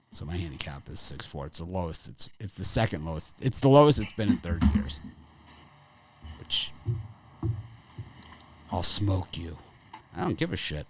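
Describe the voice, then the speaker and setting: A man's voice: sits low, a little hiss or hum. A middle-aged man hosting a sports betting show, talking casually in a rambling way and laughing often. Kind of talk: casual chat.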